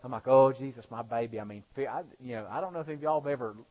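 Preacher, animated and lo-fi. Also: male voice, medium pitch, rapid-fire. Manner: animated, acts out voices, shifts between loud preaching and hushed storytelling. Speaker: pastor. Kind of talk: sermon. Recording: dull lo-fi sound.

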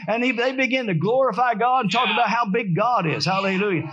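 Male pastor, high voice, fervent call-and-response sermon, slightly dull sound. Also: fast talker, fairly bright tone, breathy edge. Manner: preaching with rising fervor and call-and-response.

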